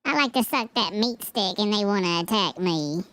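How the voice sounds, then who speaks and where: A whiny young man, his voice pushed way up into a bright, piercing falsetto. The sing-song mockery is dry and close, with no room around it, as if spoken right into the mic. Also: animated, normal speed, smooth, dry recording.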